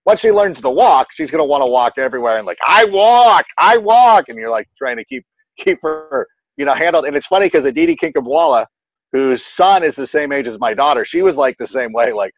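A man's voice: mid-range voice, fast, no room sound, lo-fi sound. A man in his thirties chatting casually in an interview about parenting, acting out quotes and leaning on "like" as a filler. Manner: animated storyteller who acts out quotes, many "like" fillers. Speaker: guest parent giving advice.

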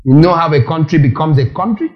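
A man preaching a sermon, animated and full of rhetorical questions to the audience. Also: fairly high pitch, fast talker, lo-fi sound.

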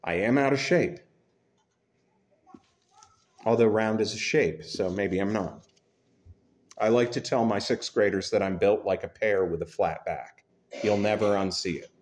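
Low-voiced man preaching a casual sermon. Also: a little slow, pauses often, darkish tone, a little hiss or hum. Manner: self-deprecating, conversational, humorous. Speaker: pastor. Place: church.

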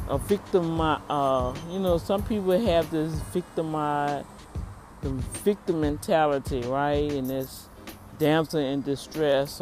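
A woman casually telling viewers a personal story, animated, talking straight to the camera outdoors. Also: low voice. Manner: animated, acts out the people in her story, talks to the camera.

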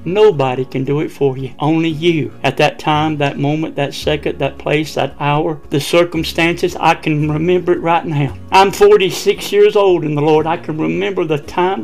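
A male pastor, likely in his sixties, preaching a fiery revival sermon, dropping to a hush and then rising to shouts, with repeated "Amen" and "yes, sir". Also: fairly high pitch, poor audio.

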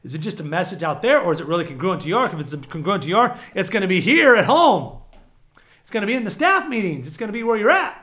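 A middle-aged man preaching a sermon, animated, swinging between shouts and low murmurs. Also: quick pace.

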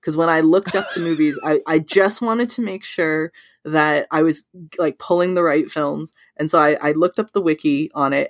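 Animated woman in casual movie chat. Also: no echo, clean studio sound. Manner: animated, pitch leaps on quoted thoughts, many "like" fillers. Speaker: podcast co-host.

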